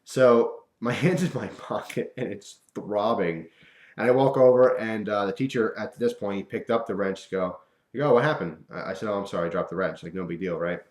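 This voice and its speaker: Animated man telling a story in a roomy space. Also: lowish voice, brisk. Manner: animated, acts out quoted voices, chuckles often. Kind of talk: casual storytelling to camera. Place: room at home. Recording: roomy echo.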